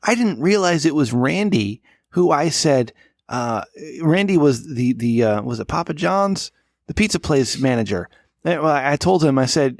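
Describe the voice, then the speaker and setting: A gravelly-voiced man in his late thirties rambles through a casual podcast chat, profane and a little drunk. He is recorded close on a dry studio mic. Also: fairly high pitch, lively intonation, moderate pace, no room sound. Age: 30s. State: slightly drunk. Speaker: podcast co-host. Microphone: studio microphone.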